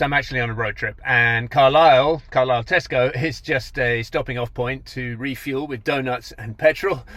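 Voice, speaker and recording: A cycling vlogger talks casually to camera from a camper van and from the roadside, with noisy traffic in the background. His mid-range voice is fairly bright with no room sound, and he rambles and corrects himself as he goes.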